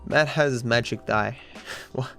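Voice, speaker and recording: A man's voice: medium pitch, slow pace, creaky, bright, forceful tone, soft background music. A young Australian man in his twenties who chats casually with viewers while speedrunning, rambling and swearing freely. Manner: rambling, sweary, talks to chat. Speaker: streamer and speedrunner. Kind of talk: casual chat while gaming.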